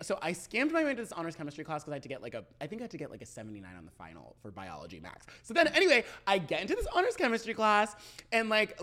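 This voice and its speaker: Young male podcast co-host, quick and animated, playful gossip delivery. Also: medium pitch. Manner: fast, animated storytelling, playful. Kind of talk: casual pop culture chat.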